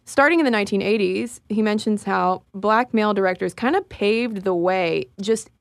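A woman's voice: medium pitch, normal speed, gravelly, no echo. Chatty woman co-host, casual podcast delivery, dead-dry studio sound. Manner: chatty, laughs while talking.

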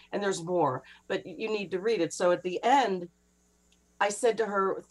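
Woman, middle-aged, author guest, animated storytelling, quick asides, lowish voice. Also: low-quality recording. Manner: breathless, laughing retelling with quick asides.

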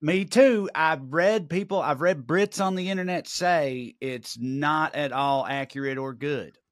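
A man's voice: a little high, a little slow, no room sound, clean studio sound. Rambling, profane Southern man in casual chat. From American South. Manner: rambling, profane, many restarts. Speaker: podcast co-host.

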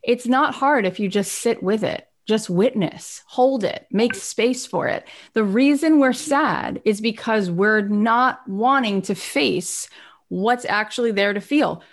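A woman giving an expressive, animated motivational talk on personal growth. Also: on the high side, slow. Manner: expressive, acts out little scenes.

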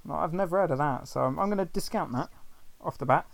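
A man's voice: on the high side, fast talker, vocal fry, no room sound. A British man co-hosting a casual podcast in a playful, wry way. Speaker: co-host.

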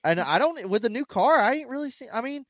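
A man's voice: very high-pitched, fast, no room sound. Profane, rambling male podcast co-host. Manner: rambling, profane, animated storytelling. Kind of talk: casual chat.

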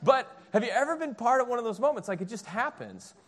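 A man in his thirties preaches a relaxed, conversational sermon from a church stage. His voice sits high and bright for a man, and he tells stories with easy, animated energy. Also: fast talker. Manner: chatty, storytelling, animated. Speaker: pastor. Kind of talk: casual sermon.

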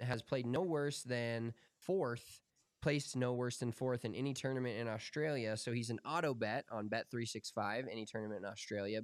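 A man co-hosting a golf podcast, talking in a relaxed, opinionated way and swearing casually. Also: medium pitch, no room sound, studio quality. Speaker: podcast co-host.

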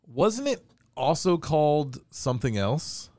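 A man's voice: fairly high pitch, sing-song, a little slow, a little mellow, no echo. Playful, bantering male co-host, dry sound. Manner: playful, argumentative, laughing often. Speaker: comedy co-host. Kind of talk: improvised comedy banter.

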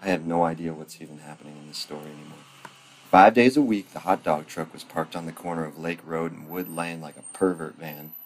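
A man reading a children's storybook aloud as a parody, deadpan and full of crude ad-libs. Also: rumbling low, a little fast, slightly rough. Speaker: comic reader.

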